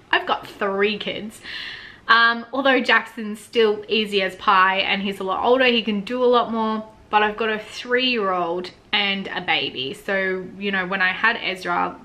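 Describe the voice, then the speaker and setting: Australian woman, 30s, bright tone, teary, wavering voice, casual vlog chat. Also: mid-range voice. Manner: tearful and emotional, voice wavering. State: close to tears. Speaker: vlogger.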